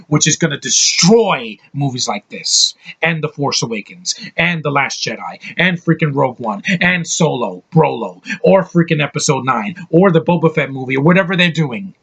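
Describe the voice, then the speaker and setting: Husky, slightly high-voiced man ranting about a film, blunt and full of swearing. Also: lively intonation, moderate pace, few pauses, fairly bright tone. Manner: heated, profane, blunt ranting. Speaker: online movie reviewer. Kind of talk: angry movie rant.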